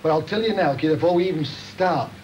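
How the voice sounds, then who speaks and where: A gruff man training a wrestler in a gym, barking orders and encouragement. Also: a little high, fast, darkish tone, muffled recording. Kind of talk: coaching in the ring. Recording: noisy 1980 TV documentary sound.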